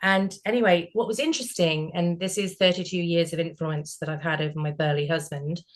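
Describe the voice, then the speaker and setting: A middle-aged woman with a British accent, hosting a group discussion and telling stories in a casual, animated way, acting out the voices of people in them. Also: fairly low pitch, a little fast. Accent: British English. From Britain. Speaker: group session host.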